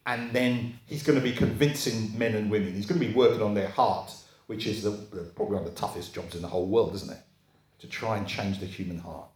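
A man's voice: lowish voice, brisk, a little mellow. A man preaching a sermon in a conversational way, often checking in with his listeners. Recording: echoey room.

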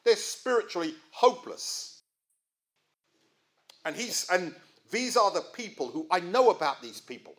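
A man's voice: high voice, big pitch swings, unhurried, long pauses, fairly bright tone. A middle-aged man, preaching a sermon in a conversational way and asking his listeners questions. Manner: conversational, asks the audience rhetorical questions.

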